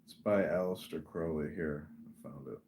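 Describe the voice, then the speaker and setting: A man's voice: a bass voice, normal speed, darkish tone, slight background noise. A man hosting a podcast, chatting casually with rambling, encouraging talk full of fillers. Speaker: podcast host. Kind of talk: casual chat.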